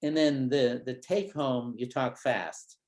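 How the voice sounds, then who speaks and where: A man giving a conference keynote, acting out talks with a child in a gentle, wondering tone. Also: mid-range voice, slow pace. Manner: animated, acts out conversations with a child in a gentle, wondering tone. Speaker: keynote speaker, psychologist. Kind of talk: conference lecture with acted-out dialogues. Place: conference hall.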